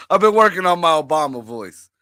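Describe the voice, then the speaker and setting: A man hosting a livestream chat, his voice bright and a little higher than most men's. He talks bluntly and swears freely as he riffs. The sound is dry and close, with no room echo. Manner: blunt, profane, riffing. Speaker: host.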